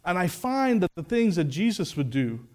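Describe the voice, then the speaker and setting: A man's voice: high voice, very animated, normal speed. A man preaching a sermon, telling a story and then reflecting earnestly through rhetorical questions.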